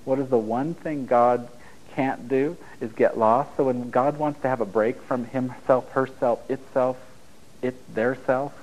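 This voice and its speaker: A middle-aged man with an ordinary mid-pitched voice gives an informal spiritual talk to a live audience in a room. Like a relaxed spiritual teacher, he rambles unhurriedly, wanders between stories and points, and jokes and laughs at his own lines. The recording is rough.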